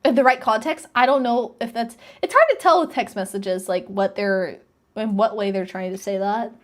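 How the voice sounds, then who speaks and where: A woman's voice: mid-range voice, normal speed. A woman streamer casually reading out text messages and chatting her thoughts about them. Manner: reads messages aloud and comments, chatty and wondering. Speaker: streamer reacting to posts. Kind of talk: casual reaction commentary.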